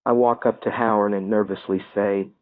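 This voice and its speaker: A man reading a first-person story aloud as an audiobook narrator, telling it in a steady storytelling manner. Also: fairly low pitch, moderate pace, no room sound. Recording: tinny phone-like dry sound.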